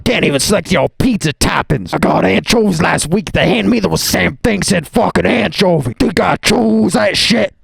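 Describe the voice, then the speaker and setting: A gravelly, rasping voice, high for a man, belongs to a crude nihilist who rants with profane aggression and hammers the same words again and again, as a man puts him on. The husky tone carries no room sound at all, close and dry. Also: fairly bright tone, no echo, heavily acted. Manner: aggressive, profane, repeats himself.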